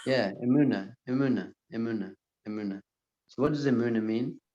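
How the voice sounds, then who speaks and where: Earnest rabbi in an echoey room. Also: male voice, mid-range voice, brisk, muffled recording. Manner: earnest, repeats soothing phrases softly. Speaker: rabbi giving a class. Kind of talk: lecture to a live audience.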